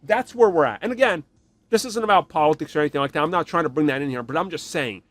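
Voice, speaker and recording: Ranting man with a fairly high voice. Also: fast talker, no room sound. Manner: animated, ranting, mocking voices in quotes. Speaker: podcast host. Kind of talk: opinionated solo commentary.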